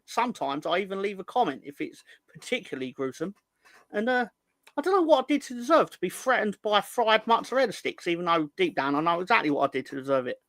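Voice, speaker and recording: Man, host, higher-pitched voice, playful and rambling, close dry sound. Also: a bit bright, no room sound. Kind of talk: casual live show chat, reading viewer comments.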